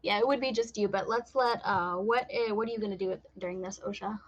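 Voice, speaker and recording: A woman's voice: mid-range voice, quick pace, highs cut off. A middle-aged woman narrating as game master, laughing often and restarting her sentences.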